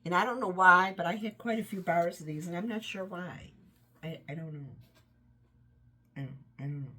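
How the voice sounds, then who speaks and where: A woman's voice: fairly low pitch, normal speed, bright, forceful tone. A woman casually reviewing wax scents, rambling and enthusiastic, trailing off often, her voice tired and run down. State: voice tiring, run down. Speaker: home fragrance vlogger.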